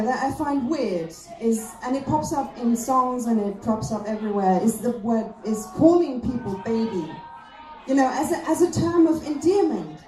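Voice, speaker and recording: A woman's voice: sits high, dark tone. A woman doing a stand-up comedy routine in a conversational, wry manner. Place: comedy venue stage. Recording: echoey room.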